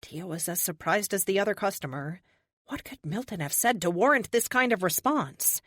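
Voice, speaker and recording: Expressive woman audiobook narrator. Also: mid-range voice, moderate pace, no echo, studio quality. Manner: steady, expressive storytelling. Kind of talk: scripted narration.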